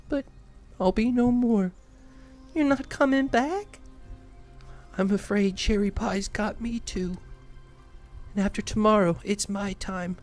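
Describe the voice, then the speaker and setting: Man putting on a small dream creature, gentle, fussy, mournful, raised pitch, tabletop game.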